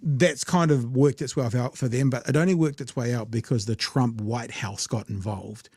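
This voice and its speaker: A man's voice: medium pitch, normal speed, a little mellow, slightly rough, no room sound, clean studio sound. Blunt sweary New Zealand man. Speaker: podcast host. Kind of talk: casual political commentary.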